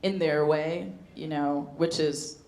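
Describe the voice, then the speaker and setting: A comedian working a club stage with a handheld mic, drawling slowly through deadpan lines before breaking into shrieks and giggles. The room rings with echo and a clear wash of audience noise. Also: female voice, deep voice. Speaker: stand-up comedian. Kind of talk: surreal stand-up set.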